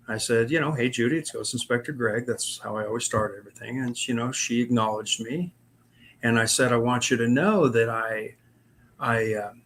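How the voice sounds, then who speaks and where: With a medium-pitched, fairly bright voice, a man shares his own paranormal experiences as an investigator guest. The storytelling is casual and meandering, packed with fillers and false starts.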